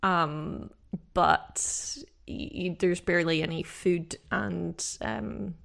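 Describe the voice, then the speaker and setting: A woman's voice: on the low side, steady tone, slow, creaky, fairly bright tone. A woman from Britain co-hosting a podcast, talking thoughtfully in casual discussion with frequent fillers and restarts. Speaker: podcast co-host.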